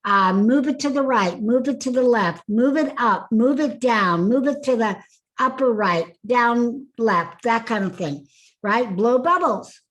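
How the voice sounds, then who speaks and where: A woman's voice: fairly high pitch, animated, measured pace, dull audio. A woman coaching a group through voice and face exercises in an online workshop, upbeat and laughing often. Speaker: speaking coach. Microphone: video call.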